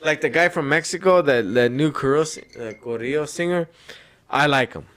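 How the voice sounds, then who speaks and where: A man's voice: on the high side, a little fast, a bit bright. A man hosting a podcast, telling a story in loose, profane, rambling casual chat. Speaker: podcast host.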